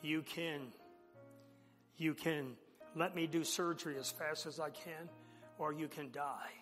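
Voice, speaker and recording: Here the pastor speaks at a measured pace, voicing both sides of the exchanges in a lively sermon story. His slightly high male voice carries through a big hall, trailing long reverb over quiet background music.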